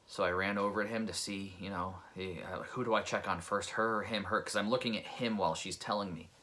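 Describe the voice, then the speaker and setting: A man's voice: on the low side, fairly even intonation, brisk, sharp tone. A man, a pest control technician, telling a personal story in an earnest, reflective, conversational way.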